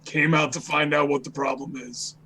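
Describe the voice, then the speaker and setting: A man's voice: on the high side, level tone, moderate pace, pushed and bright. A man playing a tabletop game, talking bluntly and dryly in casual chat.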